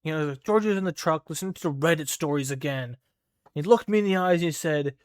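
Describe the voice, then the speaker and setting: Young male streamer, casual and profane, storytelling between game moments; higher voice, dry. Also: fast talker, no room sound. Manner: rambling, profane, lots of 'like' fillers. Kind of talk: casual storytelling while gaming.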